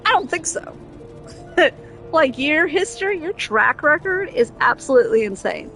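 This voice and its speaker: A woman's voice: high voice, big pitch swings, normal speed, fairly bright tone, faint music behind. Exasperated woman venting over gameplay. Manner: exasperated, emphatic, repeats herself. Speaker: game streamer.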